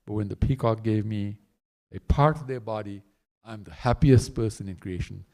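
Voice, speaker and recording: A man doing a hushed, tender young divine cowherd. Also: moderate pace, close to an everyday voice. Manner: hushed, lowered voice.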